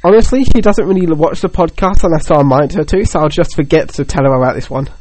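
A man's voice: on the high side, quick pace, darkish tone, slight background noise, rough recording. A young man co-hosting a podcast, chatting casually and joking with lots of fillers. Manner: rambling and joking, with many fillers. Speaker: podcast co-host. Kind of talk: casual chat.

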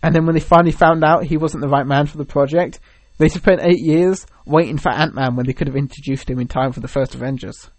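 A young man with a slightly high voice talks in casual chat, rambling and piling up "like"s as he spins out his stories. The sound is dry and close, with no room around it. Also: fast talker, hardly any pauses, no room sound. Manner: rambling, animated storytelling with many "like"s.

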